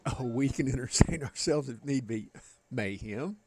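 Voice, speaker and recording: A man's voice: mid-range voice, normal speed, noisy background. A man with a Southern American accent, rambling folksily to his live chat while playing a game. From Southern United States. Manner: folksy, rambling, chatting with viewers. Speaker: game streamer.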